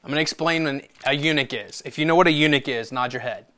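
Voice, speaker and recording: A man preaching a sermon to his church as pastor, telling a story and reading scripture, swinging from loud declarations to hushed asides. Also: on the high side, quick pace.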